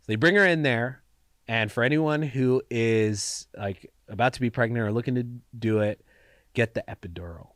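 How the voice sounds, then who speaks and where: A man's voice: mid-range voice, normal speed, fairly bright tone, no room sound. A tired young man with a stuffy, congested voice, telling stories as a podcast co-host in casual chat. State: recovering from a cold, tired.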